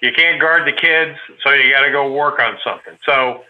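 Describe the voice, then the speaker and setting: A man's voice: mid-range voice, normal speed, highs cut off. A man casually reminiscing with a friend, telling a long, meandering anecdote. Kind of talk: casual chat.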